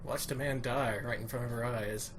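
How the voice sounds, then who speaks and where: A man's voice: medium pitch, fairly even intonation, moderate pace, a bit bright, a little hiss or hum. Dry-witted male game streamer. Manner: dry, wry remarks on the game. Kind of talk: casual live-stream commentary.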